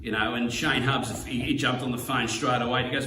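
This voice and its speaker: An Australian man talks through a heartfelt message, halting on fillers and dropping the odd swear word. He sits well back from the mic in an echoey room. A faint hum runs underneath. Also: mid-range voice, flat delivery, sharp tone. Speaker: slot car YouTuber. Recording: roomy, distant mic, faint background hum.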